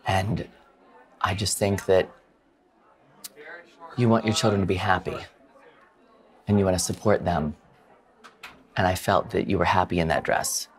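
A man's voice: low-pitched, steady tone, unhurried, long pauses. A middle-aged man working as a bridal consultant, talking earnestly and emotionally, stammering and restarting. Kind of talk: reality TV commentary and consultation. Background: music.

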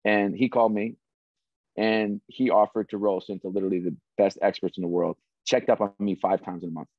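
A middle-aged man, a former sports executive, telling stories as an interview guest in an animated, restarting way. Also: fairly low pitch, brisk, dry recording. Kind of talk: casual interview storytelling. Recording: dry, slightly dull audio.

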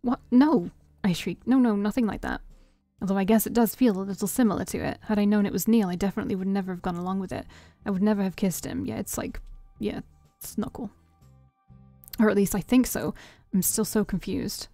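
A woman streamer reading a story game aloud in expressive first-person narration. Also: medium pitch, fast, dry recording, soft background music. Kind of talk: reading a visual novel aloud.

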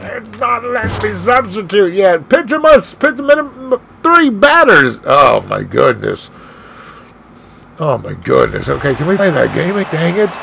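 A man giving live play-by-play of his own video game as a channel host, swinging between shouts and dejected muttering. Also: sits high, very animated, a little slow, vocal fry, slight background noise. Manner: mild swearing, "freaking" and "dang it" catchphrases.

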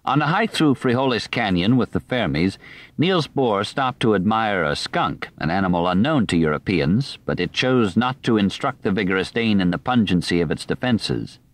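A man narrating a nonfiction audiobook in a measured, even reading voice on a studio microphone. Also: lowish voice.

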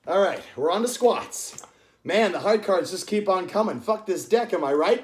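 A man's voice: high-pitched, animated, normal speed. A man leading a live-streamed home workout, chatting and counting reps aloud in a coaching manner. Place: indoors at home. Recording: echoey room.

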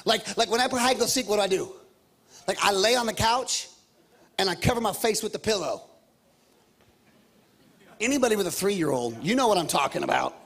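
A pastor in his thirties preaching a lively sermon, repeating himself and calling out to the congregation. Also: high-pitched, vocal fry. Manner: animated, repetitive, calls out to the congregation.

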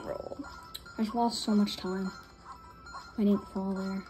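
A young woman giving casual commentary while playing a video game, excitable, muttering to herself and then breaking into frustrated shouts. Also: mid-range voice, takes it slowly, long pauses, faint music behind. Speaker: gamer streamer.

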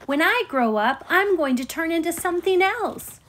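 A woman's voice: high-pitched, animated, measured pace, a little mellow, a little hiss or hum. A woman playing a boastful singsong caterpillar girl. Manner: bragging, singsong. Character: proud boastful female caterpillar, self-important.

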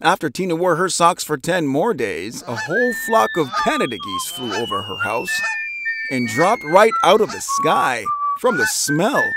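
A man reading a children's picture book aloud in an animated storytelling style, putting on voices for the characters. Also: heavy background noise. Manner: animated, voices characters with big pitch jumps. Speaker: storybook narrator.

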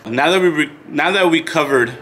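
A man's voice: on the high side, normal speed, pushed and bright, soft background music. A man hosting a casual product walkthrough for a car parts shop, chatting loosely to viewers in a store. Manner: chatty, addresses viewers as "you guys".

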